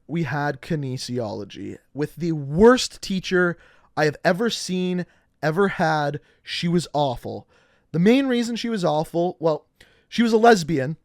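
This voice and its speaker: A young man from Canada casually telling funny school stories, animated and acting out the people he quotes. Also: fairly high pitch, no room sound, clean studio sound. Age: young adult. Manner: animated, acts out quotes with laughs. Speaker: storyteller. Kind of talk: casual storytelling.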